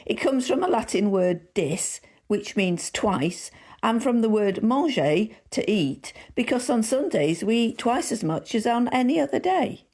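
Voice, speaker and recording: A woman's voice: a little high, sing-song, a little slow, a little mellow, voice pushed up, full character voice. A woman voicing a cheeky schoolboy who earnestly explains a word, pleased with himself, in a spoken joke reading.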